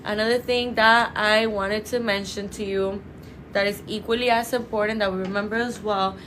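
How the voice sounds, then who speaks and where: A woman presenting a live-streamed product pitch for a clinic, chatty and salesy, addressing viewers as "you guys" and repeating set sales phrases. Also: steady tone, normal speed, a bit bright, slight background noise, low-quality recording. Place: indoors under bright lights.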